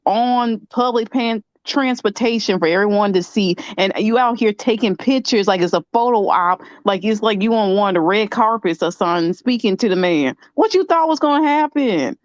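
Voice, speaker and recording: A woman's voice: medium pitch, lively intonation, normal speed, hardly any pauses, no echo. Female co-host, casual chat, blunt, muffled dry audio. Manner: blunt and teasing. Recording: dull dry lo-fi sound.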